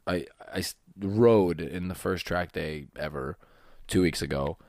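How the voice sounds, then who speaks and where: A man's voice: sits low, measured pace, darkish tone, no room sound, clean studio sound. A man co-hosting a casual podcast, talking emphatically with frequent restarts. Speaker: podcast co-host. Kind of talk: casual chat. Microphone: studio mic.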